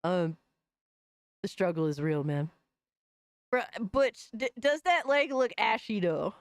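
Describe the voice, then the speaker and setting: A woman's voice: mid-range voice, animated, slow, no room sound, clean studio sound. A woman hosting a casual livestream, chatting in loose, profane slang and often breaking into laughter. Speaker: livestream host.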